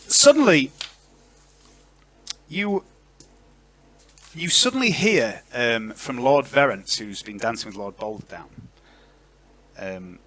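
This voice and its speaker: A man narrating a tabletop role-playing game as game master, in an animated and chatty way. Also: medium pitch, slow, pauses often.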